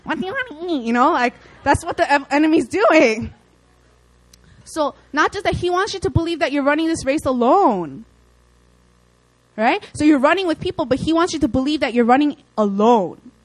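A young woman delivers a casual sermon in a fairly high voice. She keeps it chatty and lively, breaking into playful acted quotes. The sound is dry and close. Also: moderate pace, no room sound, low-quality recording. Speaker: preacher.

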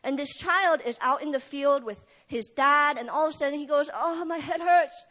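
A woman's voice: high-pitched, fairly quick, sharp tone. A young adult woman preaching a sermon at a prayer meeting, retelling a story in a casual way with fillers.

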